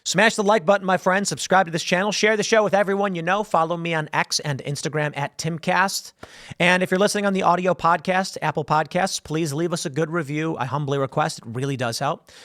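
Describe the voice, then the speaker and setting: A man's voice: a little high, a little fast, dry recording, studio quality. A man hosting a solo political commentary show, telling stories sarcastically and mocking the people he quotes. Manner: sarcastic, animated storytelling with mocking quoted voices.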